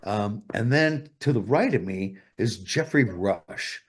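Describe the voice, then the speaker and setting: A man's voice: on the low side, lively intonation, slow, breathy edge. A male guest telling stories in a casual interview, rambling and swearing a lot. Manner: profane, rambling, full of fillers.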